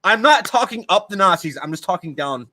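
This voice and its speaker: A man's voice: high voice, animated, brisk, bright, forceful tone, no echo. A man hosting a podcast, ranting heatedly with lots of swearing and stammered restarts. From United States. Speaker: podcast host. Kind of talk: casual podcast chat. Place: video podcast recording.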